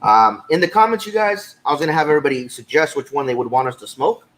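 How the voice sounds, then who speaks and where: A man co-hosting a podcast in casual chat, relaxed and talkative with frequent fillers. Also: on the high side, quick pace, slight background noise, rough recording. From California. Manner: relaxed, chatty, with many fillers. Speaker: podcast co-host.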